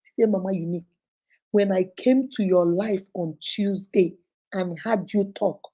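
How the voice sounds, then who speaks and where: A middle-aged Nigerian woman hosting a relationship advice talk, telling a listener's story in a casual, animated way and acting out what people said. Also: mid-range voice, measured pace. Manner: animated, acts out quoted speech.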